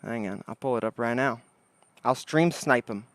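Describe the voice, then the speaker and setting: A man with a medium-pitched, fairly bright voice speaks at normal speed, recorded on a desk microphone with no room sound. He hosts a casual livestream outdoors, rambling, greeting chat and thinking aloud with his viewers.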